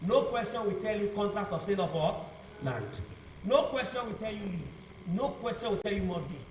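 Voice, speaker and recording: A man's voice: sits high, lively intonation, moderate pace, a little hiss or hum. A male law teacher giving a revision lecture, asking the class to finish his sentences with "what?". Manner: call-and-response questioning, repeats "what?" for the class to fill in. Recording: echoey room, mic far off, faint ambience.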